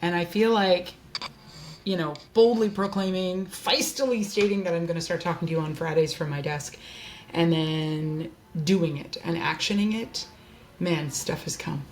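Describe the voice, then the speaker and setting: A woman hosts a candid personal monologue from her desk. Her voice sits a touch low and her delivery is earnest and heartfelt. A faint hiss of background noise runs underneath. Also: normal speed. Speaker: host.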